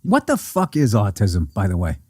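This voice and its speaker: A man's voice: on the low side, wildly swooping pitch, moderate pace, a little mellow, slightly rough, no room sound, studio quality. A man chatting casually as a podcast host, joking and swearing. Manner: profane, joking. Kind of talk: casual chat.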